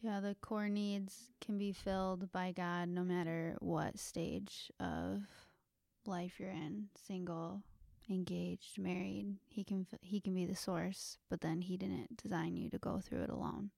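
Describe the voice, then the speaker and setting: A woman's voice: fairly low pitch, flat delivery, unhurried, vocal fry, a little mellow, no echo, clean studio sound. A young woman co-hosting a casual faith discussion, affirming and summing up what the others say. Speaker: co-host.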